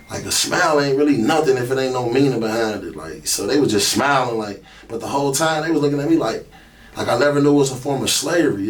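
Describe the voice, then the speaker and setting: Candid man telling a painful story. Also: mid-range voice. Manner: emotional, candid, heavy with fillers. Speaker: podcast host. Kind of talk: personal storytelling monologue. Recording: distant mic, faint ambient noise.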